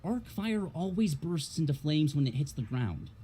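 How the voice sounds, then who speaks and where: A man's voice: on the high side, big pitch swings, normal speed, dark tone, husky. A man reading a prepared game critique aloud on a stream, losing his voice, stressing key words and tripping over a few.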